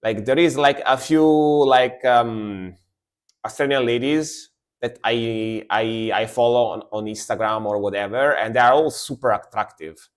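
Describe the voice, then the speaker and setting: A man's voice: medium pitch, a little slow. A man, chatting casually and rambling as he reacts to music on a live stream. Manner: chatty, rambling, lots of fillers.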